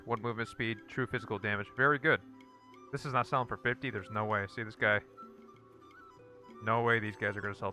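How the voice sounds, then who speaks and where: A man giving casual gameplay commentary as a channel host, repeating blunt one-word verdicts in a dry, flat way. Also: fairly low pitch.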